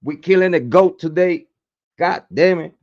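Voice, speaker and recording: A hoarse man hosting a true crime livestream, cursing freely and hyping his chat with repeated chants, speaking into a desk mic. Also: sits high, moderate pace, darkish tone, lo-fi sound. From Puerto Rico. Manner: profane, repetitive hype chants. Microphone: desk microphone, camera off.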